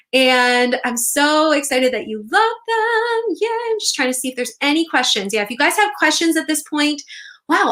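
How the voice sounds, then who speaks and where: Young woman on a livestream, super bubbly, kinda high bright voice, gets squealy about comments. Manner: bubbly, excitable, squeals over viewer comments. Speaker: author and livestream host. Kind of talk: casual livestream chat with viewers.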